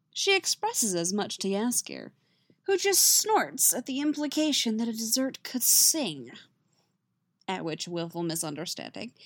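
Woman storyteller, animated pitch, expressive reading, dry close sound. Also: no room sound. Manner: lively, expressive reading with voiced dialogue. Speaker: fan fiction reader. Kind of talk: storybook narration.

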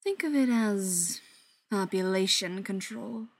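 A woman voicing a condescending male vampire elder in an audiobook, speaking in a slow, mocking drawl. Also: mid-range voice. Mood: smug.

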